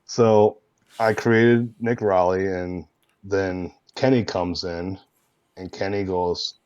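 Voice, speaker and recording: Deep-voiced male guest, chatty and animated storyteller; dry, dull lo-fi audio. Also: slow, clear, resonant tone, dry recording. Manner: animated, laughing anecdotes with frequent fillers. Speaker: guest, roleplay streamer. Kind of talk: casual storytelling interview.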